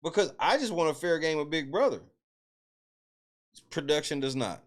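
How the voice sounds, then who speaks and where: A man in casual commentary, voice sitting a touch high and swinging widely in pitch. He talks in profane bursts and exclaims in disbelief. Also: animated, normal speed. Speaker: host. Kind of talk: casual commentary on a reality show.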